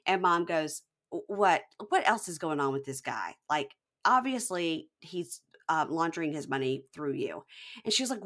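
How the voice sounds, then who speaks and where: A woman's voice: low voice, normal speed. A woman co-hosting a casual podcast, retelling a show's scenes and acting out the lines with laughs. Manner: retells scenes in lively voices, laughs often. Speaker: podcast co-host recapping a reality show. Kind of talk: casual chat.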